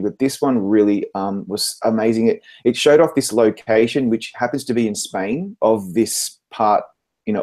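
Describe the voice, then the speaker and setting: A man's voice: lowish voice, a little mellow. A man on a casual recap panel, talking enthusiastically in long stretches with some "um" fillers. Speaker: entertainment writer on a recap panel.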